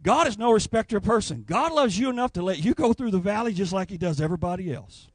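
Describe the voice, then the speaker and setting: Animated, folksy male preacher. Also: sits high, quick pace, no echo. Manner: animated, folksy storytelling with acted voices. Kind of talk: Pentecostal revival sermon.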